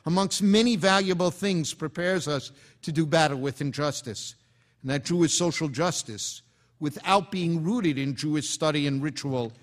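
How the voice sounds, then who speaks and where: A man delivering a formal, impassioned speech, rising in emphasis on key words and dropping quietly at the ends of phrases. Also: fairly high pitch. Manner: impassioned, oratorical cadence. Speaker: speaker.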